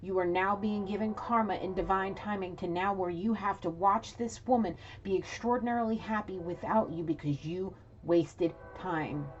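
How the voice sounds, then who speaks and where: This woman, an intuitive reader from New York City, talks briskly in a mid-range voice with hardly any pauses. She delivers a frank, scolding reading aimed at an absent person, bluntly and with many restarts, and the recording is dull lo-fi with faint noise.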